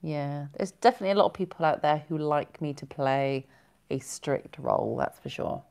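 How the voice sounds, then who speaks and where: A woman with a low, darkish voice and vocal fry speaks at a moderate pace while hosting a casual live stream. She chats and giggles while reading out viewer comments, rambling and correcting herself along the way.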